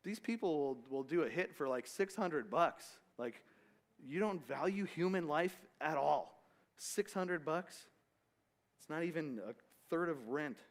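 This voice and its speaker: A man's voice: on the high side, animated, normal speed. Man teaching a casual Bible study. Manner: casual, rambling with restarts and asides.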